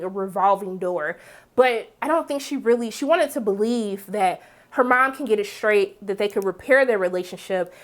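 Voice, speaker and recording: A young woman giving a chatty, animated spoken review of a TV episode, with lively asides. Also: medium pitch. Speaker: TV recap reviewer.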